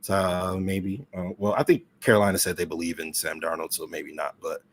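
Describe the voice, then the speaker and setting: A man's voice: low-pitched, steady tone, brisk, slight background noise. A man on a video call as a podcast guest, talking in rambling, emphatic casual chat. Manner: rambling, emphatic sports-fan talk.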